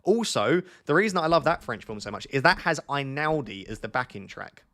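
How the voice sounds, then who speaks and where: This is a young man, chatting into a desk mic during a live stream. He speaks at a middle pitch and keeps the tone loose and jokey, often restarting lines as he thinks aloud. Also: very animated, brisk, a bit bright. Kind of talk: live stream chat with viewers.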